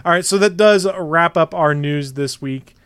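A man hosting a podcast in an easygoing way, steering the show between segments and promos. His voice sits a little high for a man. The recording is dry and close. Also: normal speed, fairly bright tone, clean tone, dry recording. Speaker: podcast host. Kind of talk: casual chat and show promos.

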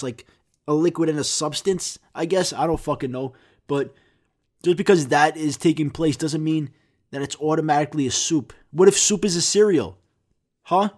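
A young man hosting a podcast, answering viewer comments in rambling, profane, jokey casual chat. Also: on the high side. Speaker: podcast host.

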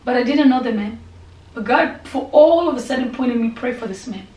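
A woman pastor preaching and praying, impassioned and repetitive, sometimes falling to a soft whisper. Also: on the high side, brisk. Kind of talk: sermon and prayer. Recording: echoey room, voice from a distance, faint background hum.

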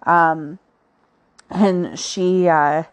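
A woman's voice: lowish voice, steady tone, drawn-out words. A woman hosting a podcast, telling her own story in a chatty, casual way with frequent fillers. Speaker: podcast host.

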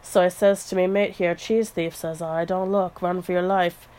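A man's voice: high-pitched, flat delivery, normal speed, a little mellow, close to an everyday voice, poor audio. A woman voicing a superstitious, talkative male ferret henchman with folksy, old-fashioned turns of phrase. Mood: spooked.

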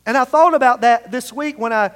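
High-voiced preacher in a reverberant hall. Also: male voice, fairly quick. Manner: leads the congregation in call-and-response scripture reading. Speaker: pastor. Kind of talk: sermon. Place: church sanctuary. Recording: long reverb of a large hall.

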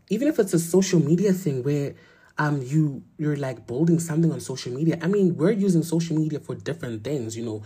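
Husky, emphatic motivational woman. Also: low voice, warm tone. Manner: blunt, emphatic, repeats lines for effect, swears. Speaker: motivational vlogger. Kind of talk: motivational talk.

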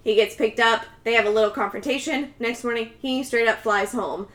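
A woman's voice: a little high, brisk, a bit bright. A woman co-hosting a podcast, retelling a movie's plot in a chatty, dramatic way. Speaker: podcast co-host. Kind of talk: casual movie recap.

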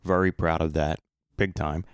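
A man's voice: extremely low pitch, flat delivery, moderate pace, clean tone, no room sound, clean studio sound. A middle-aged man hosting his podcast alone, rambling in a playful, self-mocking way. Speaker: podcast host. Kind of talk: casual solo podcast monologue.

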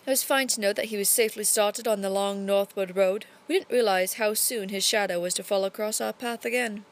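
A woman reading a storybook aloud in a put-on English accent, narrating steadily with lively emphasis. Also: mid-range voice, a little fast.

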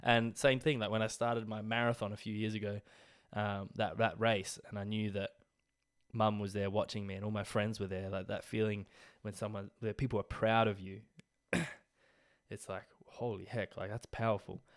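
Young Aussie host, low-pitched, loose and rambling with lots of fillers, a bit croaky from illness. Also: male voice, level tone, moderate pace. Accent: Australian. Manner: rambling, sweary, filler-heavy. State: getting over illness, coughing. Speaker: podcast host. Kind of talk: casual solo podcast talk.

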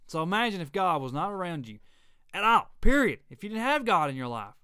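A man's voice: sits high, very animated, fairly quick, pushed and bright, clean tone, no echo, studio quality. A middle-aged man, hosting a faith podcast in an emphatic, preachy rant that repeats its points. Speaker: podcast host. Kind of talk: ranting faith podcast monologue.

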